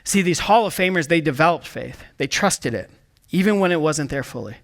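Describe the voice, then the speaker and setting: A man preaching a sermon in an energetic, emphatic way, calling out to the congregation and dropping into hushed low asides. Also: a little fast. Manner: swings from excited bursts to hushed low asides. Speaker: pastor.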